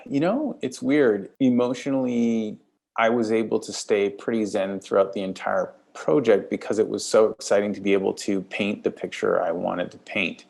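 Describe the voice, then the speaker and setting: A man's voice: lowish voice, moderate pace, creaky, a little mellow. A man with a Canadian accent, a film director talking casually in an interview, rambling and repeating words as he thinks. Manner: rambling, repeats words, laughs between thoughts.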